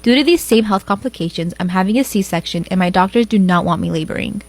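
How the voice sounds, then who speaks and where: A woman reading out a personal forum story in a flat, quick recital. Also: medium pitch. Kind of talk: rapid scripted narration.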